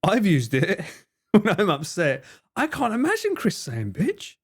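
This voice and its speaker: A man's voice: high-pitched, huge pitch swings, measured pace. A man hosting a livestream, chatting casually and in an amused way as he reacts to clips and thinks aloud. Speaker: livestream host.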